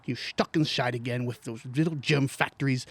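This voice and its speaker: A man's voice: steady tone, normal speed, lightly acted. A man doing an impression of a famous British actor, brashly selling a product in a spoof ad. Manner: brash, rambling sales pitch, cracking up. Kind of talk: parody radio ad.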